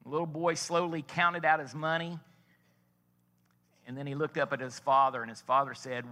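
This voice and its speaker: A man's voice: fairly high pitch, little pitch movement, normal speed, pauses often, bright, forceful tone, long reverb tail. A man preaching a sermon as a pastor, telling a story in a folksy way and building to emphatic points.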